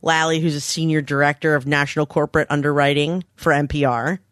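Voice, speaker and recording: A woman's voice: quick pace, dry recording, studio quality. A woman co-hosting a podcast in casual chat, telling stories with acted-out quotes. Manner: animated storytelling, acts out quotes with big pitch jumps. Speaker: podcast co-host.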